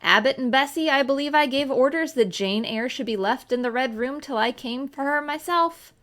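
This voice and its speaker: A woman's voice: on the high side, animated, moderate pace, creaky, fairly bright tone. A woman reading aloud and voicing a stern, cold older aunt who gives severe commands.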